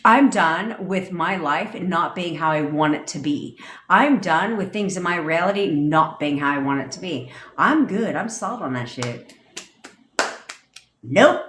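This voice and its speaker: A woman's voice: on the low side, animated, a little slow, fairly bright tone, slight background noise. A woman manifestation coach ranting on a livestream, blunt, profane and emphatic, into a phone. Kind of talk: livestream rant. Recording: roomy echo.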